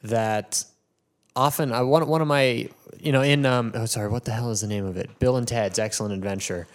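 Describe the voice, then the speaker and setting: A man's voice: mid-range voice, fairly even intonation, a little fast. A man co-hosting a casual podcast chat who halts and restarts as he searches for words. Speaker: podcast co-host.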